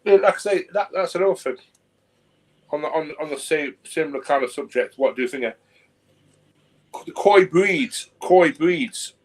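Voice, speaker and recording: A man in a casual chat, telling things in a relaxed way and repeating words. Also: a little high, moderate pace, pauses often, poor audio.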